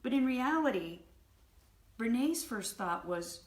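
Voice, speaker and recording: A woman retells an anecdote for a book review, telling it vividly with her voice at a middle pitch. The recording is roomy, with a clear echo around her. She keeps a hosting, storytelling flow. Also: lively intonation, slow pace.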